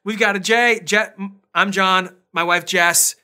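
A man preaching in a relaxed, conversational way, with a bright, clear tone. He slips easily into personal stories and pokes fun at himself between points. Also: high voice, unhurried. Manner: chatty and self-deprecating, with storytelling asides. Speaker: pastor. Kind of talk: casual conversational sermon.

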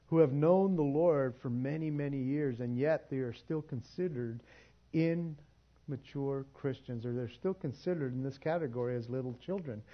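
A man preaching in a church, talking casually and conversationally, with a slightly high voice. He stumbles and restarts his words and laughs as he goes. The recording sounds dull and lo-fi. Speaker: pastor. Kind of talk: sermon.

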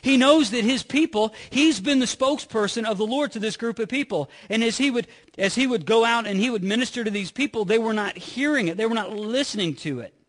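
High-voiced earnest male preacher. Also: fairly quick, hardly any pauses. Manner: earnest, repeats words, swings from loud to hushed. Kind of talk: sermon.

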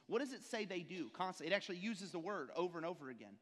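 High-voiced preacher in a reverberant hall. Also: male voice, rapid-fire, few pauses. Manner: animated storytelling preacher, rhetorical questions. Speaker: pastor. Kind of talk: sermon. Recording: long reverb in a church hall.

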